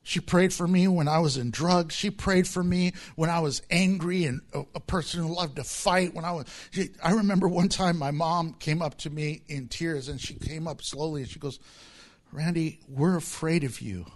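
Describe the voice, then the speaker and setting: Male pastor, middle-aged, lively sermon delivery, higher-pitched voice, acts out quotes. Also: moderate pace, hardly any pauses. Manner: animated preaching with acted-out quotes and laughter.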